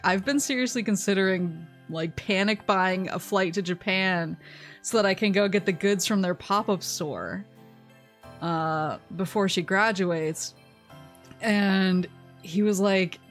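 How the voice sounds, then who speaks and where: A woman vtuber with a mid-range voice chats casually on stream, spinning a long, rambling story. She laughs often and quotes people in lively voices.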